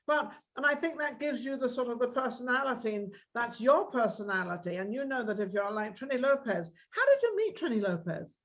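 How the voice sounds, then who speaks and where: A high-voiced woman hosts a casual interview show. She talks eagerly and rambles, restarting her sentences as she goes. The sound is dull and lo-fi. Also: animated, brisk, hardly any pauses. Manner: enthusiastic, talkative, restarts sentences.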